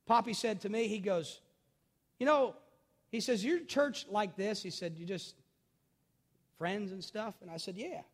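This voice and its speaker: High-voiced preaching man in reverberant hall. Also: a little slow, long pauses. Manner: preaching with swings from loud, urgent emphasis to quiet, intimate storytelling; repeats phrases for emphasis and addresses listeners directly. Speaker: pastor. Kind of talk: sermon. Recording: long reverb of a large hall.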